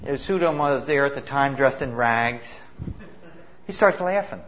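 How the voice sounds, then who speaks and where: A man, a missionary, telling stories of the people he works with in an animated, emphatic way, acting out the voices of those he quotes. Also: medium pitch, unhurried, noisy background. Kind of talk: spoken testimony storytelling.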